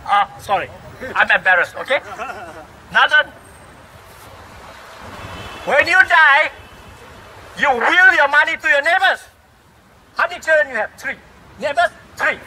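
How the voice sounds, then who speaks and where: At a public rally outdoors in a city, a middle-aged man with a Singaporean English accent delivers a fiery, rhetorical speech scolding the government. His voice is very high-pitched, pushed and bright. The low-quality recording carries a little hiss or hum.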